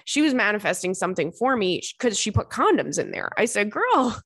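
A woman's voice: brisk, breathy edge, no room sound, studio quality. A young woman hosting a podcast, chatting casually and reading listener letters, acting out quotes with big leaps in her voice. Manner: animated, acts out quotes with big jumps in pitch. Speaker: podcast host.

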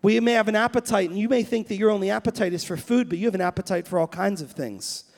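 A man's voice: high voice, fast talker. A man in his thirties preaching a sermon as pastor. He tells stories in a chatty way with many restarts, then builds to fervent, emphatic preaching. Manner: anecdotal storytelling with many restarts.

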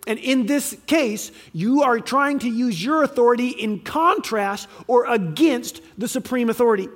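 High-voiced man preaching conversationally. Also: normal speed, hardly any pauses. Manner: acts out quoted speakers in lively voices; plain and direct, with restarts. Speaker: teacher on faith and parenting. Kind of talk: conversational sermon.

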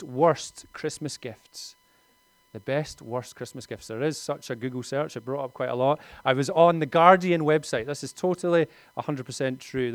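A man's voice: mid-range voice, clear, resonant tone, dry recording. A man, preaching a conversational sermon in a lightly humorous tone.

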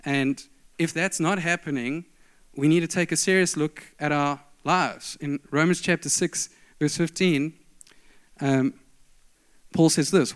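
A man's voice: on the high side, fairly even intonation, unhurried, fairly bright tone, clear, resonant tone. A middle-aged man preaching a sermon, telling stories with emphatic, varied delivery.

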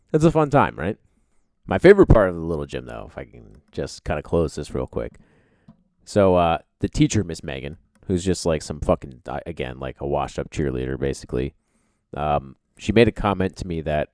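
A man's voice: low-pitched, darkish tone, no room sound. A man in his thirties telling a rambling, profane, sarcastic story in casual chat.

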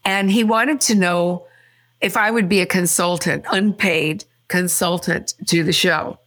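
An older woman from California, a guest in an interview, telling her story quickly and acting out what people said. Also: lowish voice. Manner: animated, quick storyteller who acts out quotes.

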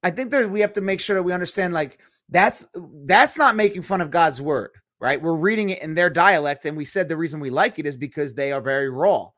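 A man hosting a Christian livestream show, talking in a chatty, rambling way with quick asides. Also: fairly high pitch, a bit bright, dry recording, studio quality. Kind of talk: casual livestream chat.

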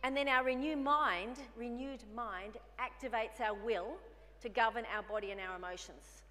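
Bright-voiced woman preaching in a hall. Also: on the high side, normal speed. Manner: conversational, acts out dialogue with herself. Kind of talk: sermon. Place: church hall.

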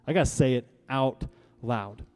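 Delivering a sermon with props, this pastor fires off rhetorical questions and leads his congregation in repeating lines back. He speaks at a normal pace in a clear, resonant mid-range voice with a darkish tone.

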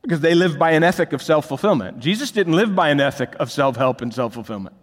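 A man preaching a sermon as pastor, swinging between quiet asides and loud emphatic peaks in a large church hall. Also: on the high side, animated, fast. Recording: long reverb of a large hall.

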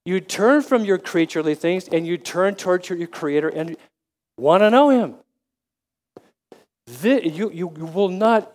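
A man in his seventies preaching a sermon, halting with frequent restarts, then rising to emphatic questions. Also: high-pitched, darkish tone. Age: 70s. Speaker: lay preacher.

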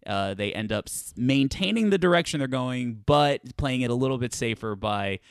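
A man's voice: mid-range voice, lively intonation, moderate pace, vocal fry, smooth, no echo, studio quality. A man co-hosting a podcast in casual chat, rambling with frequent ums and restarts. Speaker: podcast co-host.

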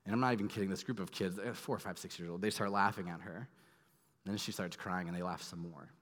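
Earnest pastor in a reverberant hall. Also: male voice, deep voice, fairly even intonation, fast talker. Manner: earnest, emphatic storytelling with sudden soft drops. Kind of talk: sermon.

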